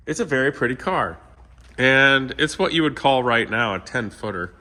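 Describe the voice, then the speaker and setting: A man's voice: mid-range voice, expressive, normal speed, bright, forceful tone. Candid man rambling through a car vlog. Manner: candid, rambling, talks to viewers as "you guys". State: sick. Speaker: car channel host. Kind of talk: casual vlog walkthrough. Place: home car shop.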